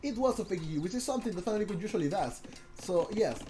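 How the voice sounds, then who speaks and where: A man casting a strategy game on a live stream, excitable, talking to his chat, often restarting and repeating words. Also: high voice, fast, faint music behind.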